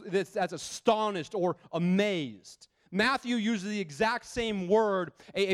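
Male preacher, high voice, earnest, emphatic, conversational sermon. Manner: earnest and emphatic, swings between loud and quiet; conversational, with rhetorical questions.

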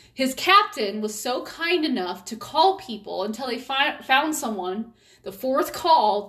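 A woman's voice: a little high, fairly bright tone. A woman in her thirties telling a family story in a candid, chatty way, swearing freely. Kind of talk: casual storytelling.

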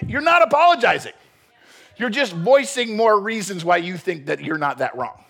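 A man preaching a sermon. His pitch is high and swings widely, and the tone is husky. He talks energetically and acts out quotes. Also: normal speed. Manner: animated, acts out quotes, rhetorical questions. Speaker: pastor.

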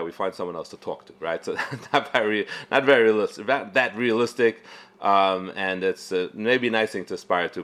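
Middle-aged rabbi guy, lowish voice, chatty torah talk, lots of stops and restarts. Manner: conversational, halting, with frequent restarts. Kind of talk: informal weekly Torah talk.

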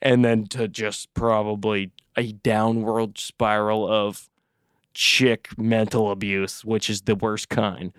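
A man's voice: lowish voice, little pitch movement, slow, a bit bright, clean tone, no echo, studio quality. A man hosting a podcast, telling a story in loose, casual chat full of "like" and "dude" and plenty of swearing. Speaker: podcast host.

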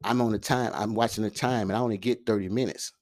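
A man hosting his own podcast alone, talking fast and loosely with slang, fillers and restarts. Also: on the low side, fairly even intonation, a little mellow. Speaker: podcast host. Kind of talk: casual solo podcast monologue. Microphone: podcast microphone.

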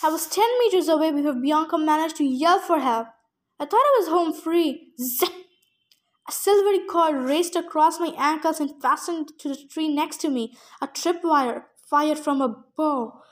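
A woman reading a first-person novel aloud, expressive and changing her pace with the action. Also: high-pitched, normal speed. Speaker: audiobook reader.

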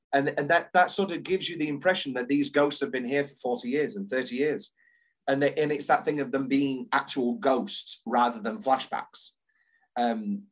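Man, podcast co-host, gushing, animated, casual chat, middle pitch. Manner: animated, gushing, many restarts.

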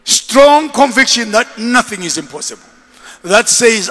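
A man preaching a lively sermon as bishop, shouting and laughing, having the congregation repeat after him. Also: high-pitched, moderate pace. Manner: animated, shouting, with bursts of laughter. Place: large church hall. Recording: long reverb of a church hall.

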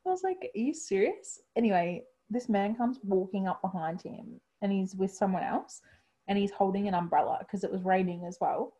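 An Australian woman spinning a yarn in casual chat, with a mellow, warm tone. She laughs easily and throws herself into quoting people. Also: mid-range voice, normal speed. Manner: animated, laughs often, acts out quotes.

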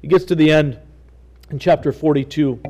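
A male pastor preaching a sermon in a church, deliberate and emphatic, leading his congregation to repeat after him. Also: a little high, darkish tone. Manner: deliberate, emphatic, leads the congregation in call-and-response.

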